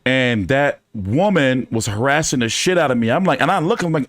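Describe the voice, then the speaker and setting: A man hosting a casual fan chat, telling stories in an animated, profane way with many fillers. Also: medium pitch, moderate pace, no room sound, studio quality. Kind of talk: casual storytelling to a live chat.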